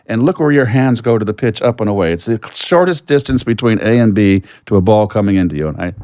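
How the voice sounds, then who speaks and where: An older man, a retired baseball player, telling stories as a guest in a podcast interview, reflective and lively when acting out conversations. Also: on the low side, quick pace, few pauses, no echo, studio quality.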